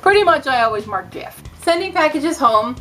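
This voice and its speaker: A woman's voice: high voice, lively intonation, moderate pace, pushed and bright, faint music behind. A young American woman in her twenties giving a casual, chatty vlog explainer, full of sarcastic, self-mocking asides. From United States. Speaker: vlogger.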